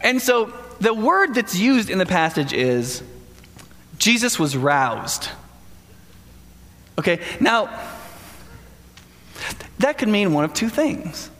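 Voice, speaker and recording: Lively, bright-voiced male preacher in a hall. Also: high voice, takes it slowly, long pauses. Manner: casual, humorous storytelling with acted-out voices. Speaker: pastor. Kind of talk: sermon. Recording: long hall reverb.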